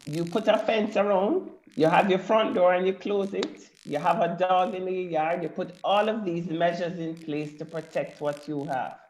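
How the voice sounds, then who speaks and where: A woman panelist explaining her point in a measured way, building it up through a long everyday comparison. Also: fairly low pitch, darkish tone, echoey room, slight background noise, rough recording.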